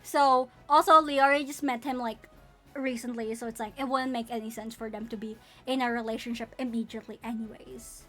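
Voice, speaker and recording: Young female streamer, high voice, swears a lot, excitable, faint music behind. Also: fairly quick. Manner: excitable, profane, squealing fangirl bursts. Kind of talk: casual live-stream chat about her characters.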